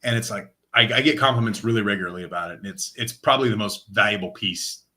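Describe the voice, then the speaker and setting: A man's voice: lowish voice, fast talker. A man from Oregon, a guest in an interview, telling his story casually and acting out quoted dialogue. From Lane County, Oregon. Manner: animated retelling, acts out quoted dialogue. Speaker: interview guest, nonprofit director of operations.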